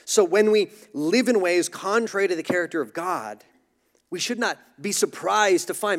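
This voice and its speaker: A man's voice: sits high, expressive, normal speed. A man preaching a sermon, casual and conversational, who jokes about himself and acts out the voices of others in his stories. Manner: conversational, self-deprecating humor, acts out voices. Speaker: pastor.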